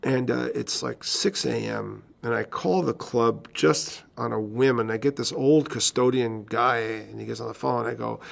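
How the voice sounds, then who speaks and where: A man's voice: medium pitch, normal speed, creaky, few pauses. A man who managed a band, telling a long, profane road story in a documentary interview. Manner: animated raconteur, profane, acts out phone calls.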